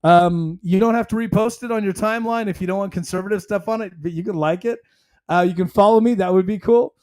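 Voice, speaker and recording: A man's voice: high-pitched, quick pace, a little mellow. A man hosting a solo commentary podcast, talking emphatically in a rambling, conversational way. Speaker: podcast host.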